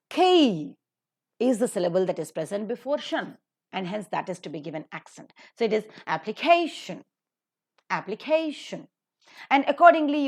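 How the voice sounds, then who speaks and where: A woman with an Indian English accent lectures on English word stress over a set of slides. Her pitch moves freely as she sets out each rule in turn and repeats the example words slowly. The delivery is patient and methodical throughout. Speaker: English pronunciation teacher.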